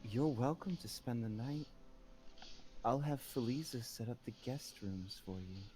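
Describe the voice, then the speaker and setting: A woman's voice: rumbling low, animated, unhurried, warm tone, soft background music. A man voicing a creepy, eccentric noblewoman who speaks in a vacant, dreamy way. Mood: airy, doting.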